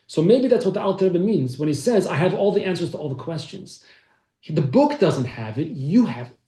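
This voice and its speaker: A man's voice: on the high side, very animated, fairly quick, warm tone. Man teaching a class in an echoey room. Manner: storytelling, acts out quoted speech. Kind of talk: telling a story in a class.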